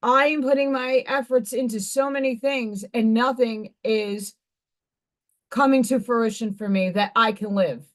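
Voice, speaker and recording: A woman in her forties hosting a livestream, her voice hoarse and partly gone, venting bluntly and profanely with exasperation. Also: a little high, fairly even intonation, measured pace. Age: 40s. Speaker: livestream host. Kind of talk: casual venting livestream chat.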